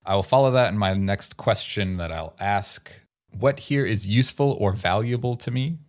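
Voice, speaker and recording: A man playing a tabletop role-playing game, talking through his choices in a playful, amused way. His voice is very low. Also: moderate pace. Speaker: player. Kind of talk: casual tabletop play.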